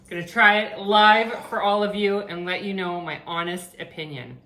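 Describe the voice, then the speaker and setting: A woman chatting casually while cooking in her home kitchen, thinking out loud and poking fun at herself, with a pan sizzling behind her. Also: medium pitch, moderate pace, few pauses, reverberant, slight background noise. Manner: chatty, self-deprecating, thinks aloud. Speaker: vegan cooking vlogger. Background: frying and sizzling from the pan.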